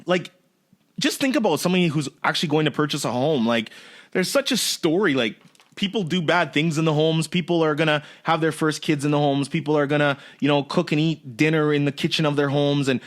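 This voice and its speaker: A man's voice: on the high side, fairly quick. A man hosting a casual interview podcast, telling stories animatedly and acting out quotes. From Canada. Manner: animated storyteller, acts out quotes in a raised voice. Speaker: podcast host.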